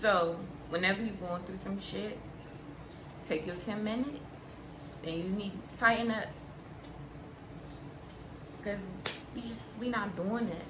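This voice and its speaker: A young woman vlogger chatting candidly to camera, unhurried and frank, repeating her points for emphasis. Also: medium pitch. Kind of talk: candid casual chat to camera. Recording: roomy sound with steady background noise.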